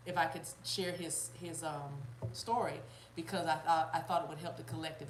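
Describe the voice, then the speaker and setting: A woman with a low voice talks her viewers through a spiritual reading, full of fillers, restarts and asides to the chat. The room has a noticeable echo and a faint hum behind her. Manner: rambling, with many fillers and restarts; addresses viewers and chat directly, laughs often. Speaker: spiritual reader. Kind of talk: live-stream tarot reading.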